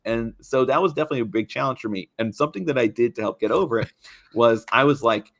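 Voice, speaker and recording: A young man talking as a guest in a casual chat, animated and expressive, laughing often. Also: medium pitch, fast. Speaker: guest, YouTube creator on tabletop games.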